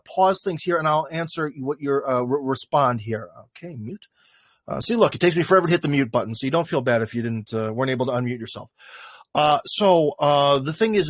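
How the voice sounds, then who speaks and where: A man's voice: on the high side, fairly bright tone, dry recording, clean studio sound. A man hosting a livestream, chatting casually in a loose, rambling way full of fillers. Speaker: livestream host. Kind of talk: casual chat. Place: in front of a green screen.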